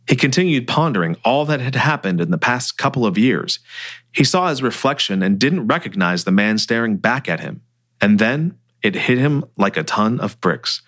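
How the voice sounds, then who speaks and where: A man narrating his own book chapter aloud in an expressive, animated reading. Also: medium pitch. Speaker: author and narrator. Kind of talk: audiobook-style story reading.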